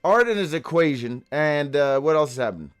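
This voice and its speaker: A high-pitched man carries a daily live show alone, skipping from one odd phrase to the next with a lot of swearing. He stumbles over his own handwritten notes and now and then breaks into a loud whoop. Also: animated, fairly quick, clear, resonant tone, soft background music. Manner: profane, free-associating, with sudden whoops. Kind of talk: rambling live monologue.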